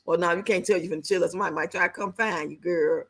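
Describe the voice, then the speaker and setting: Woman streamer, bright voice, blunt slangy commentary, reads chat aloud between jokes. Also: lowish voice, fairly even intonation, very fast, few pauses. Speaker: livestreamer reacting to videos and reading chat. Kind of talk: casual live stream chat.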